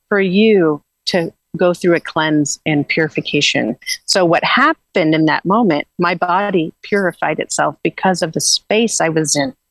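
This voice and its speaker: A woman's voice: on the low side, no echo, low-quality recording. A woman guest earnestly recounting a spiritual journey in casual, rambling talk with frequent restarts.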